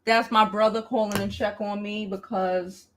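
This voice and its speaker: A woman's voice: mid-range voice, little pitch movement, normal speed, fairly bright tone, slight background noise. A woman giving reactive vlog commentary in an emphatic, exasperated, profane rant. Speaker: commentary vlogger.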